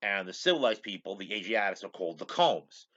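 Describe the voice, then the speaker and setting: A man's voice: lowish voice, big pitch swings, a little fast, a bit bright, muffled recording. A man hosting his own show, casually retelling a TV episode in a rambling way, saying "he goes" over and over. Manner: rambling, repeats "he goes" constantly. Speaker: show host.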